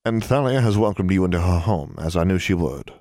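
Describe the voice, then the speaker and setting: Man doing stern wizard father, secretive, formal, measured, deep low voice, dry close sound. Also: expressive, a little mellow, dry recording.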